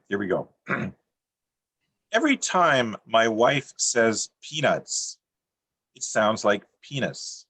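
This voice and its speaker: A middle-aged man reads his poems over a video call in a dry, deadpan way and makes jokes at his own expense. His voice sits low and carries a slight husk. The sound is close and dry, with no room around it. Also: breathy edge, dry recording. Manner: dry, deadpan delivery with self-mocking jokes. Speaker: featured poet. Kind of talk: poetry reading on a video call. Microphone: computer mic on a video call.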